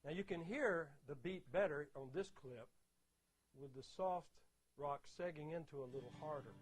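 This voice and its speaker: A man's voice: on the high side, moderate pace, music in the background. An older man giving a spoken lecture on rhythm, explaining and counting beats aloud with emphasis. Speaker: lecturer on music. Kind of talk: spoken lecture with audio clips.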